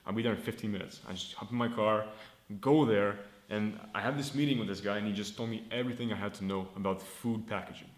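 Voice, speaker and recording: Twenties man, founder vlogging; loose, profane storyteller, lowish voice, roomy echo. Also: fast. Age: 20s. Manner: rambling, swears freely, acts out dialogue. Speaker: founder vlogging his startup. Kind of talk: casual storytelling.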